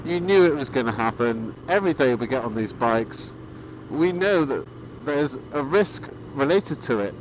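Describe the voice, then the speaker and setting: A man vlogging about motorcycling, talking in a calm, rambling way with many fillers and restarts. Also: medium pitch, moderate pace, a little hiss or hum, low-quality recording. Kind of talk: casual vlog monologue.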